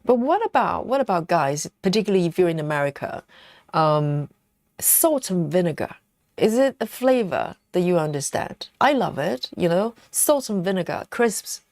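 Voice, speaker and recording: A woman's voice: lowish voice, big pitch swings, moderate pace, darkish tone, no echo, studio quality. A woman hosting a casual live stream, chatting and giggling as she reads viewer comments aloud. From United Kingdom.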